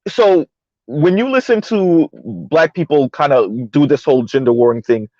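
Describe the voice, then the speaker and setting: A man with a fairly high voice makes long, emphatic points in a casual panel chat, circling back and restarting as he goes. The sound is dry and a little dull, like call audio. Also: a little mellow, dry recording. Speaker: podcast panelist.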